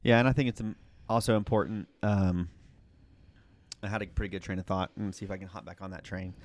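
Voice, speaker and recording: A man co-hosting a faith podcast, talking reflectively and haltingly with many fillers and self-corrections. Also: deep voice, fairly even intonation, a little mellow, dry recording. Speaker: podcast co-host. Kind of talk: casual faith discussion.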